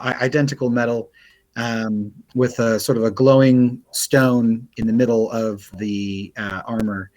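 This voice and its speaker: A man's voice: medium pitch, rough recording. A man narrating as game master of an online tabletop game, describing scenes with frequent fillers and restarts. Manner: descriptive, hesitant with many fillers.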